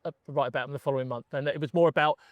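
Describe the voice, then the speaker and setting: A man's voice: mid-range voice, fairly even intonation, rapid-fire, no echo. A middle-aged man, a gun dog trainer from England, chatting casually as a podcast guest and telling his story with many restarts.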